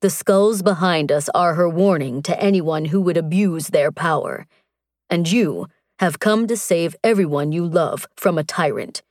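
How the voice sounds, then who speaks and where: A woman voicing an earnest, tender barbarian warrior man, speaking slowly and gently. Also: on the low side, no echo, studio quality, natural voice.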